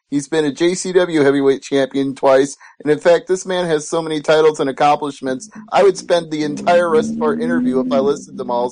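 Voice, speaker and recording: A man hosting an online radio interview, upbeat and laughing easily with his guest. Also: a little high. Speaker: radio show host.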